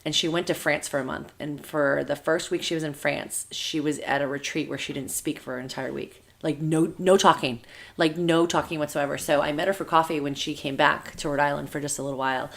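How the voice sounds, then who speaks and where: A woman in her thirties talks quickly in a relaxed podcast chat, her voice sitting a little low. She strings thoughts together with fillers and breaks into laughter while telling stories. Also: creaky. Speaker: podcast co-host. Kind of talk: casual chat.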